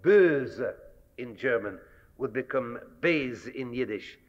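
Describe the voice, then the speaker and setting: A man giving a measured, scholarly public lecture, pausing often with fillers. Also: on the high side, expressive. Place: lecture hall. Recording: dull archival 1960s lecture recording with long hall reverb.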